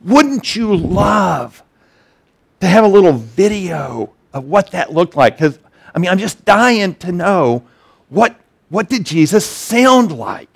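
A high-voiced male pastor preaching in a lively, conversational way. He acts out the voices in the story with animation, and he often stumbles and restarts his sentences. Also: takes it slowly, creaky, husky. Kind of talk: sermon.

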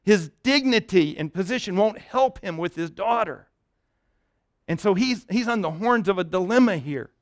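A man preaching a sermon, telling a Bible story with lively energy, dropping to a hush at tender moments and often repeating words as he goes. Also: high-pitched, moderate pace, no echo, studio quality. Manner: repeats words and restarts while thinking aloud. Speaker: pastor.

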